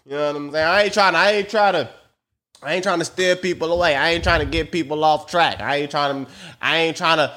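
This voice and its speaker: A man's voice: fairly high pitch, steady tone, brisk, sharp tone. A man hosting a podcast, telling a rambling, profane, joking story into a phone mic. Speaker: podcast host. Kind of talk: casual storytelling monologue.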